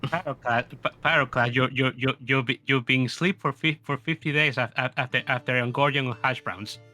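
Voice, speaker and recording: A man's voice: mid-range voice, steady tone, brisk, pushed and bright. A man playing a tabletop role-play game, stumbling over his words with many restarts. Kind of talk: in-character role-play chat.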